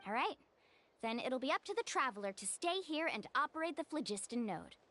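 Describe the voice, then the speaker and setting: An upbeat, high-voiced young guide. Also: female voice, sing-song, fairly quick, a little hiss or hum. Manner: cheerful and reassuring, shouts commands. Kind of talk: game dialogue.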